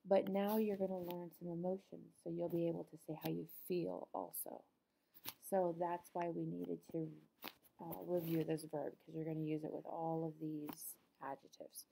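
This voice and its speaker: A middle-aged woman teacher talks through a recorded lesson in a patient, explanatory way, pausing often with ums. Her voice sits low and mellow, with a gravelly edge of fry. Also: flat delivery, a little hiss or hum. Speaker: Spanish teacher.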